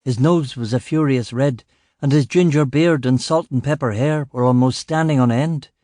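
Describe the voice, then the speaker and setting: Brief: male narrator, wry and matter-of-fact, mid-pitched, dry close sound. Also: moderate pace, mellow, no echo. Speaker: audiobook narrator. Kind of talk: first-person audiobook narration.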